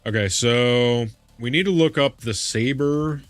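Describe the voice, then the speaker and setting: A man live-streaming a game and talking easygoingly to his chat, friendly and hyping his viewers up. His voice sits at an ordinary middle pitch, recorded close and dry on a desk mic with faint music underneath. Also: measured pace, dry recording. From Midwest US. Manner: chummy, calls chat "big man", hypes up viewers. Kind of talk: casual live-stream chat while gaming.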